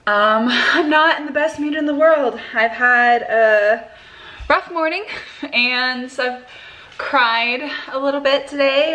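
A woman's voice: medium pitch, fairly bright tone. A young woman vlogging to camera from her home in a candid, chatty way. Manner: candid and chatty, talking straight to viewers. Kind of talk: casual vlog chat to camera.

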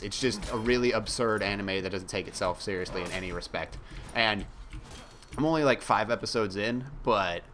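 A man's voice: on the low side, fairly bright tone, slight background noise. A young man chatting casually while playing a game, rambling and mocking himself, with some swearing. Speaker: gaming YouTuber.

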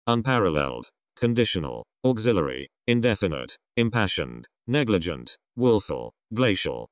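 A man reading a vocabulary list aloud one word at a time, letting his pitch drop at the end of each group. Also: no echo, studio quality.

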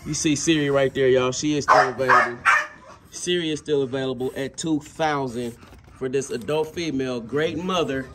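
A man's voice: mid-range voice, moderate pace, a bit bright, slight background noise. A man talking casually to his viewers as a dog breeder, calling them y'all and breaking off to scold his dogs. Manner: laid-back, talks to dogs mid-sentence. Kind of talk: casual vlog.

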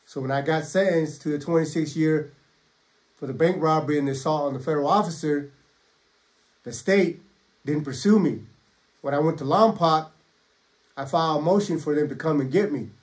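A middle-aged man telling his own prison story in a casual, blunt, streetwise way, quoting others as he goes and often clearing his throat. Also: fairly high pitch, normal speed, long pauses. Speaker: storyteller recounting prison life. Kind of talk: casual first-person storytelling.

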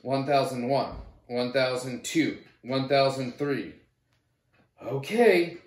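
A man reading a children's picture book aloud in an animated storytelling manner. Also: medium pitch. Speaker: storybook reader. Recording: roomy echo.

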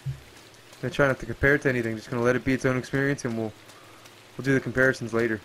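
A man giving profane, excitable running commentary while playing a game, often yelping and exclaiming. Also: mid-range voice, very fast, a little hiss or hum. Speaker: gameplay streamer. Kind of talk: let's play commentary.

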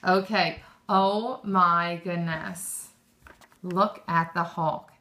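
A woman teaching young children, full of encouragement and quick praise. She speaks slowly and stretches out her questions. Her voice is bright and clear. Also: on the low side, fairly even intonation.

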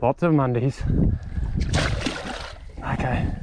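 A young man, a fishing vlogger, talking excitedly to camera and to the fish outdoors on the water, swearing as he goes. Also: mid-range voice, slow, heavy background noise. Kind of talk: excited solo fishing commentary.

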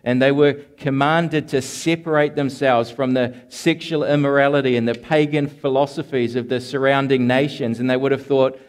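A man preaching an expository sermon, earnest and deliberate, slowing down to stress key lines and sometimes repeating words as he restarts a phrase. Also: mid-range voice, steady tone, clean tone. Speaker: pastor.

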